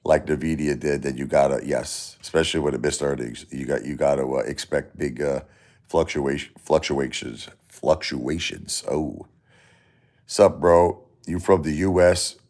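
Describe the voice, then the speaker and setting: A man's voice: extremely low pitch, moderate pace. A man with a Brooklyn New York accent, hosting a casual livestream and chatting with viewers as he reads their comments aloud. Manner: animated, reads chat aloud, mock-Italian tough-guy phrases. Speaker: livestream host.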